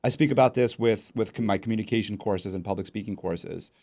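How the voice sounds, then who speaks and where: A man's voice: lowish voice, a little fast, vocal fry, darkish tone. A man hosting a podcast interview, affirming and building on his guest's points in a casual way. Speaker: podcast host.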